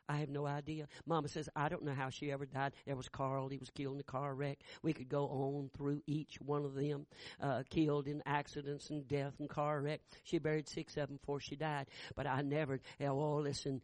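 A man in his sixties preaching a sermon, telling a family story in a folksy, halting way that builds into fervent preaching. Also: medium pitch, little pitch movement, a little mellow, dry recording.

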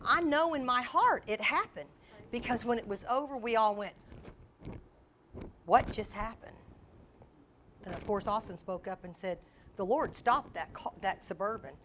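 A woman preaches with a bright, forceful tone. Her voice sits fairly high. She tells her story in an animated way and acts out the shouts and cries. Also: normal speed, a little hiss or hum. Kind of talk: sermon with a personal story.

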